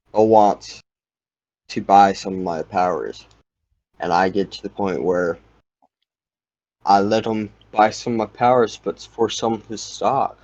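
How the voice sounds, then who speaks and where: Rambling young man, low voice, dull sound. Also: darkish tone, dry recording. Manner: rambling, heavy use of "like". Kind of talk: casual chat.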